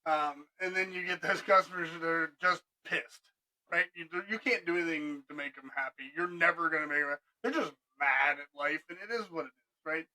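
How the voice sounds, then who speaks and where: Middle-aged man, high bright tense voice, animated storyteller for a casual podcast. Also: brisk, poor audio. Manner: animated, laughing, acts out both sides of conversations. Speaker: restoration business owner telling stories.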